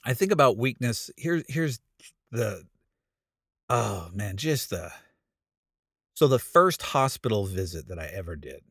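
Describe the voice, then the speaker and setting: A man's voice: on the low side, very animated, unhurried, pauses often, a bit bright, husky, no room sound, clean studio sound. A man who is a pastor, telling a funny story about his own failures in a casual, self-deprecating way and laughing at himself. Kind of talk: storytelling sermon with humor.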